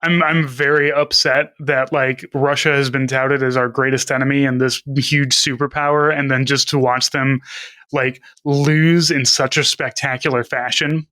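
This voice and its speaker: A man's voice: medium pitch, flat delivery, moderate pace, pushed and bright. A man co-hosting a podcast in casual chat, blunt, profane and mocking. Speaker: podcast co-host.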